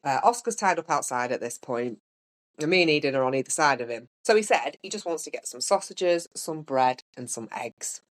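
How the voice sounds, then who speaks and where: A woman with a notably low-pitched voice tells a story on her podcast. She speaks in a relaxed, chatty way and voices the people in her story. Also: brisk. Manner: chatty, with lively voiced-out quotes. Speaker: podcast host. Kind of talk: casual storytelling.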